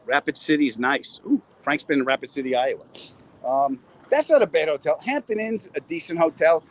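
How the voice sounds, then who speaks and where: A man's voice: fairly high pitch, moderate pace, low-quality recording. A middle-aged man, a comedian, chatting casually and cracking jokes while he walks city streets, talking into a phone and reading out viewer comments. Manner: rambling, wisecracking, reads out viewer comments. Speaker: comedian hosting a live stream. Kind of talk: casual chat while walking. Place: walking city streets outdoors.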